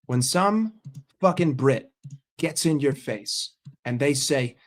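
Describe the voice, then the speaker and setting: A man's voice: mid-range voice, lively intonation, slow. A young man ranting in a football vlog, swearing and mocking in an exasperated way. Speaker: football vlogger.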